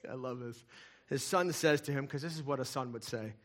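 A middle-aged man preaching a sermon, telling stories and swinging between loud emphatic lines and hushed, quiet ones. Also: mid-range voice, a little fast. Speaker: pastor.

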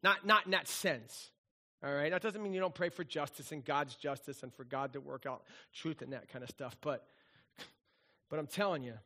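A middle-aged male pastor delivers a lively, conversational sermon. His voice sits high and sounds bright. He acts out the people he quotes. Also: moderate pace.

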